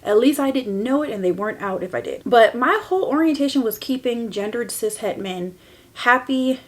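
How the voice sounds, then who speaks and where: A woman in her forties hosts her own podcast, telling her personal story in a candid, emotional way. Her voice is a little high and animated, at a moderate pace.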